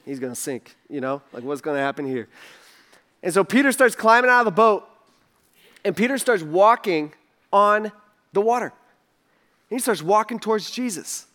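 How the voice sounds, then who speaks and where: This man's high-pitched, bright and forceful voice is animated, at a normal speed with frequent pauses. As a pastor giving an easygoing sermon, he fills his talk with "like" and acts out quoted voices.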